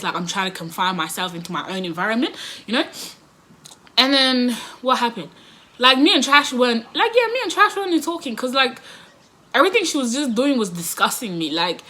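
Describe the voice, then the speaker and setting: A woman tells a story straight to her viewers in a relaxed, chatty way. Her voice sits a little high and rings very bright. She laughs often and slips into quick impressions of the people in her story. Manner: animated, laughs often, acts out quotes. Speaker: vlogger. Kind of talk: casual storytime chat to camera.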